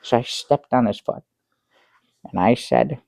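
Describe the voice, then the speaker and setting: An actor playing a bumbling middle-aged guest who rambles through a tall tale with many restarts, in improvised sketch comedy. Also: male voice, medium pitch, unhurried, creaky, a little mellow, no room sound, studio quality. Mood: dry, halting. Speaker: guest on a comedy talk show.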